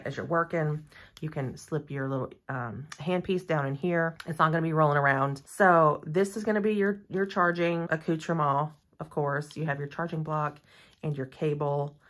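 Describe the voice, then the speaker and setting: A woman's voice: low-pitched, a bit bright. A woman doing a casual unboxing review of nail gear, chatty and gushing, with rambling asides. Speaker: nail content creator reviewing a product.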